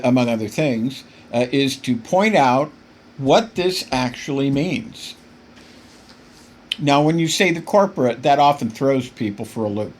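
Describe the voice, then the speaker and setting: A man hosting a political podcast, delivering impassioned commentary that keeps getting worked up, with frequent stumbles and repeated words. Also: mid-range voice. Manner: emphatic, gets worked up.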